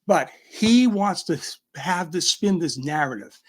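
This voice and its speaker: A man's voice: fairly high pitch, animated, a little slow. A man with a Boston accent, a guest ranting in bursts on a livestream call. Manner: combative, emphatic, talks in bursts. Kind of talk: heated livestream rant.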